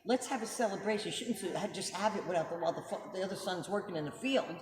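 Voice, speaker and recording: Her voice is fairly low and her delivery rapid-fire. As host of a casual religious commentary, this middle-aged woman speaks emphatically and keeps asking rhetorical questions to check you're with her, recorded in an echoey space with background noise.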